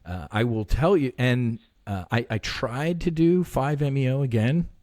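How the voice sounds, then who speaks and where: A man in his fifties, a podcast guest telling a personal story in an earnest, halting way, often restarting his sentences. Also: medium pitch, a little mellow, no room sound, clean studio sound. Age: 50s.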